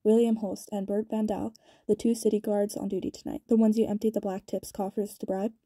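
A woman voicing a cold, calculating young male gang leader in a storybook reading, calm, dry and taunting. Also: medium pitch, fairly quick, no room sound, natural voice. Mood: cool.

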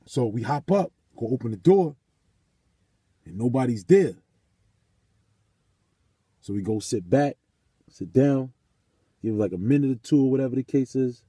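A man's voice: medium pitch, lively intonation, normal speed, long pauses, warm tone, breathy edge, no room sound. A man telling a story in a casual vlog and turning it into a sermon, cursing often and repeating phrases for emphasis. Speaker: vlogger.

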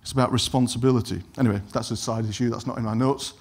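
A man's voice: mid-range voice, fairly even intonation, quick pace, breathy edge. A middle-aged man preaching a sermon in an easy, conversational way, wandering into asides and apologizing for them. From England. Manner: conversational, digresses and apologizes, acts out quoted lines.

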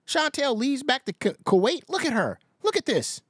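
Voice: high voice, sing-song, moderate pace, a bit bright, husky. A stream host ranting in reaction commentary, mocking and incredulous, laughing often.

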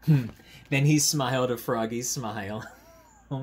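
A man, a teacher, reading a picture book aloud to children at home on camera, in a gentle, chatty way, stopping to point out the pictures. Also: mid-range voice, animated, unhurried, breathy edge.

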